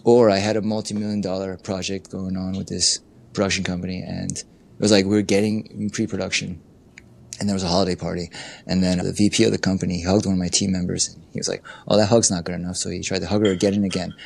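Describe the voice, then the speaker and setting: Gravelly low-voiced man telling stories. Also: fast talker. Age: middle-aged. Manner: animated storyteller acting out quoted people, frequent "you know". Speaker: interview guest, life coach and barista. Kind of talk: candid conversational storytelling.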